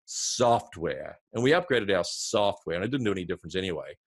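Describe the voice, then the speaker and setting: A man's voice: sits low, lively intonation, a little fast. A man voicing a frustrated woman restaurant owner at a dinner party, complaining in a tired, exasperated way.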